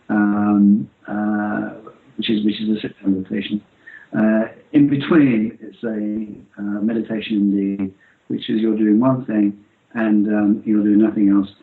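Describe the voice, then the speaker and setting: A middle-aged man talking about meditation in an interview, halting with many fillers and restarts. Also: lowish voice. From England. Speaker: interview guest. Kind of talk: spiritual interview talk. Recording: roomy, muffled lo-fi audio.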